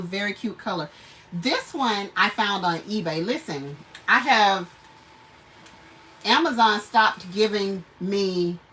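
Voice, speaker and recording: A woman's voice: medium pitch, a bit bright, far from the mic, slight background noise, poor audio. A woman hosting a homestead channel, chatting casually on a livestream, laughing often and greeting viewers.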